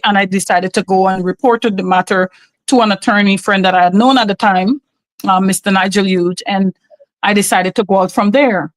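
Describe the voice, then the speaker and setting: A woman's voice: medium pitch, moderate pace, no echo, rough recording. Earnest woman giving testimony. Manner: earnest, emphatic, often invoking God. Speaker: podcast guest. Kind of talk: personal testimony.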